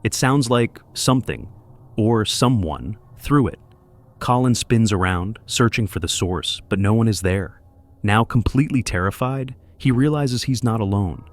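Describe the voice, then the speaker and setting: A man with a low voice narrates a suspense story in a measured, dramatic way. His delivery is scripted and builds tension.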